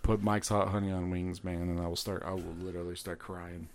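A man co-hosting a podcast, casual chat, enthusiastic and quick with punchy interjections. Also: low voice. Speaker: podcast co-host.

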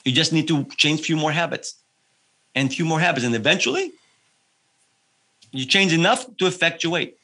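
Male health coach for an interview: lively rising-and-falling delivery, fairly high voice. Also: normal speed, long pauses. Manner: animated, explains with examples. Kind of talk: podcast interview.

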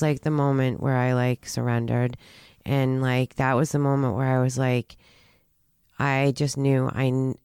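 A woman shares her own story in conversation, earnest and halting, often restarting her sentences. Her voice is smooth and resonant. The sound is dry and close. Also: rumbling low, a little mellow, no room sound. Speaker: guest telling her recovery story.

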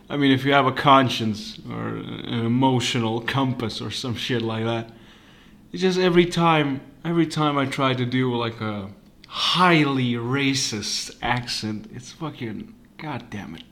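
A man hosting a podcast on his own from his living room, rambling and swearing, jumping between loud bursts and hushed asides. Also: medium pitch, measured pace. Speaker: podcast host. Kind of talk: casual rant.

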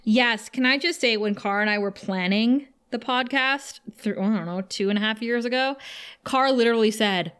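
A woman co-hosting a podcast, recapping an episode in a lively, casual storytelling way with frequent fillers. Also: on the high side, moderate pace, clean tone. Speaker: podcast co-host.

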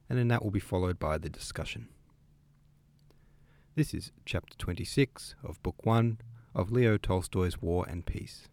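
A man with a low, deep voice reads a classic novel aloud, measured and expressive. His delivery is unhurried and clear. The recording is dry and close. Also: no room sound. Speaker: reader.

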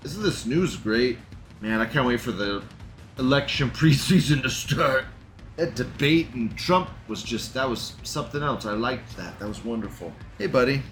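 A man's voice: medium pitch, animated, moderate pace, fairly bright tone, soft background music. A man hosting a show, reading forum threads aloud and commenting on them in a sarcastic, crude way. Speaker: host.

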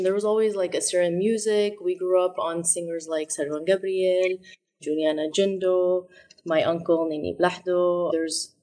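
A woman's voice: fairly low pitch, darkish tone. A woman in her thirties, a guest in an interview, talking reflectively and explaining with examples. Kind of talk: conversational interview.

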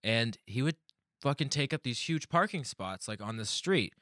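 A man's voice: mid-range voice, animated, normal speed, sharp tone, dry recording, studio quality. A man telling rambling neighborhood stories in casual podcast chat, swearing often and laughing as he talks.

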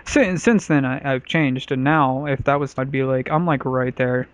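A man's voice: medium pitch, normal speed. A man casually telling a crude personal story on a podcast, rambling with lots of filler words. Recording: dull, lo-fi podcast audio.

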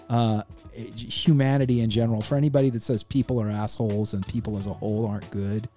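A middle-aged man sits in for a casual podcast chat and tells a story in an earnest, emphatic way. His voice sits at an ordinary middle pitch and he swears casually. Faint music plays quietly behind him. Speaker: radio DJ and podcast host.

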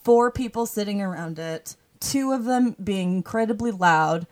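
A woman's voice: medium pitch, animated, moderate pace, darkish tone. Rambling woman podcast co-host. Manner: rambling, laughs mid-sentence. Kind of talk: casual chat. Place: attic.

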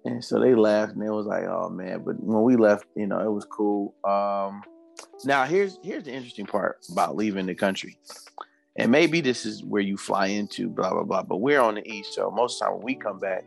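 Man, casual podcast storytelling, animated, swears freely, faint music behind. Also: lowish voice, normal speed, gravelly. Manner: animated, laughing, acts out quotes, swears freely.

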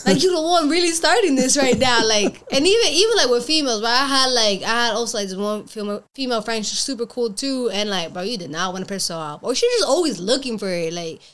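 A young woman, a podcast guest, chatting casually and acting out quoted lines in animated stories, laughing often. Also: fairly high pitch, quick pace, few pauses. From Cuban family background. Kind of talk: casual chat.

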